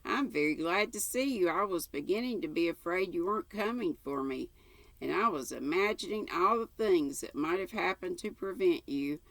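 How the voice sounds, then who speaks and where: A woman's voice: fairly low pitch, animated, normal speed, fairly bright tone, dry recording, pitched above the performer's own voice. An older woman reading aloud and voicing a chatty, imaginative orphan girl in a breathless, eager, rambling way. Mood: eager chatter.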